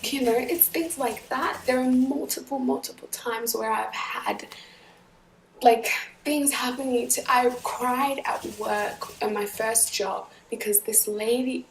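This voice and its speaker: A woman recounting personal experiences in an earnest, animated way. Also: fairly high pitch, a little slow. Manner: earnest, animated, acts out other voices. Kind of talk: personal storytelling. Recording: echoey room, distant from the mic, faint noise.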